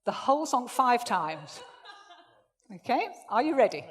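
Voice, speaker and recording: A woman running a presentation skills workshop for a live audience, jokey and lively, swinging her voice up and down to make her points. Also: a little slow, slightly rough. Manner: lively, jokey, swings pitch widely for demonstration. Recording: echoey hall reverb.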